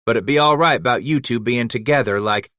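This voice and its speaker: A man voicing a grizzled old male trapper who talks in a gruff backwoods frontier dialect. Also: mid-range voice, brisk, fairly bright tone, no echo, studio quality, natural voice. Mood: subdued.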